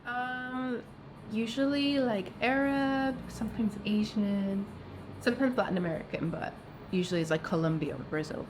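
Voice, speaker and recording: A woman's voice: a little high, moderate pace, a little hiss or hum. A young adult woman answering interview questions casually, with many fillers.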